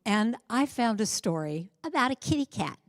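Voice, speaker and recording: An American woman giving an inspirational Sunday talk in a church sanctuary, earnest and conversational, telling stories with quick asides. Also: on the high side, big pitch swings, no echo, studio quality.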